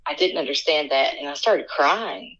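A middle-aged woman, a podcast guest, telling a personal story in an earnest, halting, emotional way. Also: low voice, expressive, fairly bright tone, lo-fi sound.

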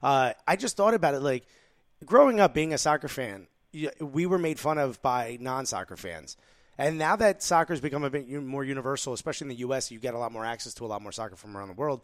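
A man's voice: medium pitch, expressive, fast talker, dry recording, clean studio sound. A man from New Jersey co-hosting a podcast, blunt and heated in casual chat, swearing freely. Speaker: podcast co-host.

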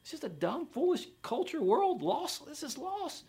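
Man, pastor, sermon, lively delivery, voice rising and falling. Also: moderate pace. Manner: animated preaching, mimics skeptics in a higher voice.

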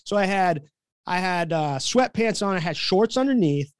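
A man co-hosting a podcast, telling a story in a casual, animated way and acting out quoted voices. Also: high-pitched, moderate pace, clean tone, no echo, studio quality. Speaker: podcast co-host.

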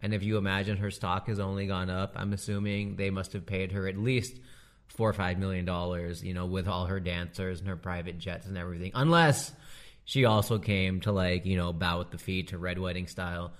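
A man doing a casual comedic monologue, animated and slangy, laughing often as he riffs. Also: low voice, a little fast.

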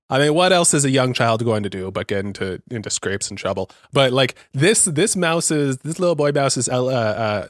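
A young man co-hosting a relaxed movie podcast, playful and quick to laugh. He often restarts and repeats words as he talks. His voice is mid-pitched and sounds close and dry on a podcast mic. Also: no echo. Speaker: podcast co-host. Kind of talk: casual movie podcast chat.

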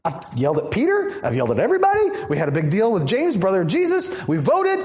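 A man's voice: sits high, huge pitch swings, quick pace, darkish tone, echoey room. A man voicing an impassioned apostle who protects his young church, pleading with emphatic, repeated protests. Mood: protective.

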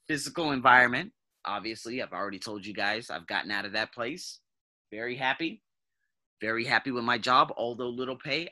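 A man in his thirties talks straight to his listeners in a loose, profane monologue. His voice is very bright and his pitch jumps around a lot. He drops to a mutter, then breaks into loud bursts. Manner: blunt and profane, swings from mumbling to loud bursts. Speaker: podcast host. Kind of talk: casual monologue.

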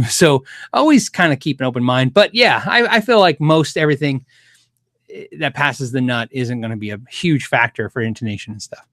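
A man's voice: a little high, fairly bright tone, dry recording, studio quality. A man hosting a guitar show, answering viewer questions in a loose, rambling way, often restarting his sentences. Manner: rambling, self-correcting, chuckles often. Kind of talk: casual livestream chat.

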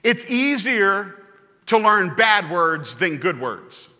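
A pastor preaching a sermon, telling stories in an animated way and repeating phrases for emphasis. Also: male voice, sits high, takes it slowly. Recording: long hall reverb.

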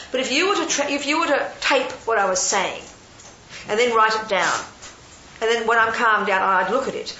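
An older woman, a Buddhist nun, giving a lively, chatty talk to a live audience and often asking them questions. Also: a little high. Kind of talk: casual dharma talk to an audience. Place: hall with an audience. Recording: roomy, lo-fi, faint hiss.

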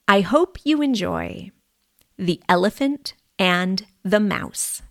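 A woman reading a simple story aloud for language learners, clear and deliberate. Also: mid-range voice, animated, dry recording, studio quality.

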